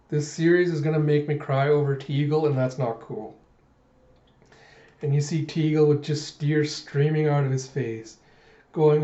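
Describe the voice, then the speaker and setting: A man hosting a manga readthrough, retelling the story in an animated, casual way with spoken sound effects. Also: mid-range voice, unhurried. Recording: echoey room, dull lo-fi sound.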